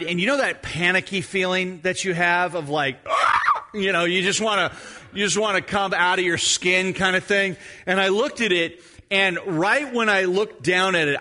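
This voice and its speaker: A middle-aged male pastor preaching a sermon, telling a childhood story in an animated way and acting out the moments. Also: high voice. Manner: animated storytelling, acts out his own screams.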